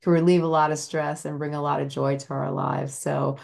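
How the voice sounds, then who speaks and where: Low, flat-voiced woman podcast host. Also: normal speed, creaky. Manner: rambling, full of "you know" fillers; earnest and admiring. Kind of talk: casual interview chat.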